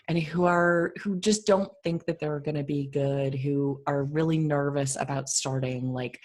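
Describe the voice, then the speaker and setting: A woman co-hosting a podcast, with a deep, soothing voice and an animated, expressive way of talking full of fillers. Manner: animated and expressive, filler-heavy, laughs often. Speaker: podcast co-host. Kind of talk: casual conversational interview.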